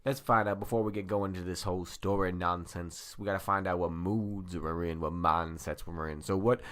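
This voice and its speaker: A man's voice: sits low, steady tone, moderate pace, a bit bright. A man hosting a comedy podcast, chatting playfully and bantering with his co-hosts. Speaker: podcast host. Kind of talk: casual comedic chat.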